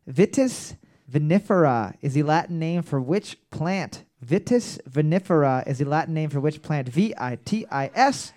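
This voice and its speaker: A man's voice: on the high side, a little mellow. A man hosting live trivia at a bar into a handheld mic, brash and joking, swearing freely and bellowing his calls. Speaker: trivia quizmaster.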